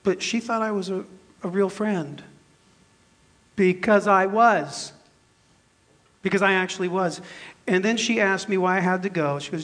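This time the fifty-something pastor speaks a little slowly, his high voice broken by long pauses. He tells a personal story within his sermon, joking at his own expense and moving animatedly between loudness and softness.

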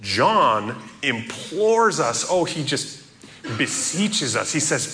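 A man preaching an earnest sermon as a pastor, stressing quoted scripture slowly and emphatically. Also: mid-range voice, sing-song, pushed and bright, a little hiss or hum.

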